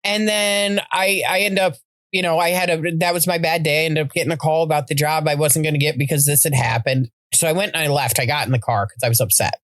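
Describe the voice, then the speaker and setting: Low-voiced woman telling stories. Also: fast, no echo. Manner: animated storyteller, swears freely. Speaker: podcast co-host. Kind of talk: casual chat.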